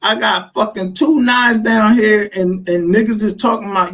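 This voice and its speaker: A man's voice: sits high, normal speed, hardly any pauses, poor audio. A man with a Texas accent telling stories in casual chat, full of street slang and profanity, acting out what others said. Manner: animated storytelling, profane street slang, acts out quotes.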